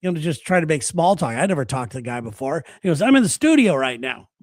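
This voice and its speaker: Male talk host, high-ish voice, dry close sound, chatty storyteller. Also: sing-song, fast, no echo. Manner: storytelling, laughs while talking. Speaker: radio show host. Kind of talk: casual chat.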